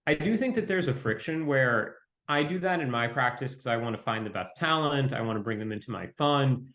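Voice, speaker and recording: A man speaking as an interview guest, talking quickly in a fairly flat, reflective way. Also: medium pitch. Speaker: venture capitalist guest. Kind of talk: conversational interview. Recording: roomy echo.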